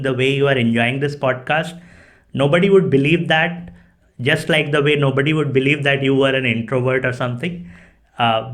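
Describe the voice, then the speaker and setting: A man's voice: a little high, a bit bright. A man hosting a casual podcast interview, effusive with praise and often checking in with "right?". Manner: effusive, repeats "right?" and "cool". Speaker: podcast host.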